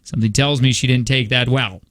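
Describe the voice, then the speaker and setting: A man's voice: medium pitch, fairly even intonation, a little fast, fairly bright tone. A man hosting a radio show, joking around and reading a story aloud with asides.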